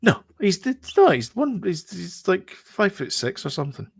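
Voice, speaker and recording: A man's voice: high-pitched, sing-song, normal speed, gravelly, husky, no room sound, studio quality. A man co-hosting a podcast, rambling and joking about films and TV. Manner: rambling, jokey, riffs on film trivia. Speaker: podcast co-host. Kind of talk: casual chat.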